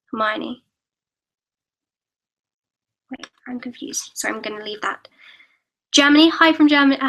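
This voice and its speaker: A teenage girl hosts a live Q&A from her computer, reading viewer comments aloud and answering in a chatty, giggly way with quick restarts. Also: on the high side, fairly bright tone, rough recording. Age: teens. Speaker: YouTuber hosting a live Q&A.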